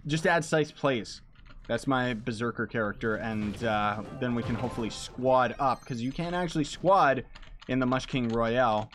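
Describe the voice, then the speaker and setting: This streamer talks casually to his viewers while playing a game live, his voice mid-range and a bit bright. His chat is loose and rambling, packed with slang.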